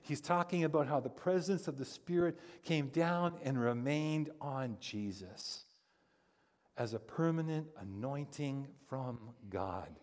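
A man's voice: mid-range voice, unhurried. Preaching man in an echoing hall. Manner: animated storytelling with humor and rising emphasis. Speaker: pastor. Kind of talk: sermon. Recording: long reverb of a large hall.

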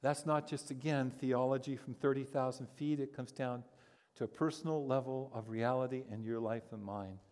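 A man's voice: mid-range voice, normal speed. Preaching man in an echoing hall. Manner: animated storytelling with humor and rising emphasis. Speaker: pastor. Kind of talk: sermon. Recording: long reverb of a large hall.

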